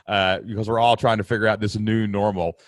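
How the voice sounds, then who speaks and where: A man's voice: lowish voice, little pitch movement, a little fast, dry recording, clean studio sound. A man hosting a podcast interview, talking with enthusiastic, effusive and emotional energy. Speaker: podcast host.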